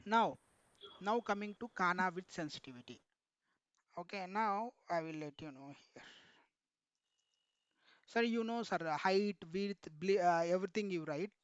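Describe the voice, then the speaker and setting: A man's voice: high-pitched, measured pace, pauses often, smooth, dry recording, muffled recording. A man, teaching an online technical class and repeatedly asking students questions, addressing them as sir. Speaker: instructor.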